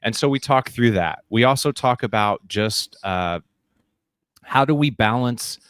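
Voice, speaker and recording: A man's voice: mid-range voice, animated, a little slow, a bit bright, clear, resonant tone, no echo, clean studio sound. A middle-aged man who is a guest on a podcast interview. He tells stories with energy and acts out the voices he quotes. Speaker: guest, keynote speaker and leadership coach.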